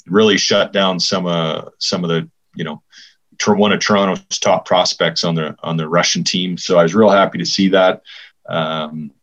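Deep-voiced male co-host, laid-back hockey chat, a bit muffled recording. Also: fairly bright tone. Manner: easygoing, halting with fillers and restarts. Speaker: podcast co-host. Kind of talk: casual podcast chat, hockey talk.

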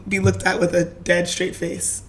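A woman from Brooklyn talking quickly in a casual chat as podcast co-host, often laughing. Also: lowish voice, completely flat delivery.

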